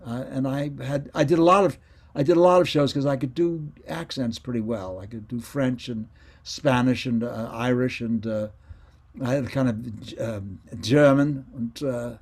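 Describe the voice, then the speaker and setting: An older man talks over a video call as an interview guest, reminiscing about his early acting days. He wanders through his stories and stops to correct himself. His pitch sits in an ordinary middle range. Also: darkish tone. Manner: meandering, self-correcting storyteller. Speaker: interview guest, former child radio actor.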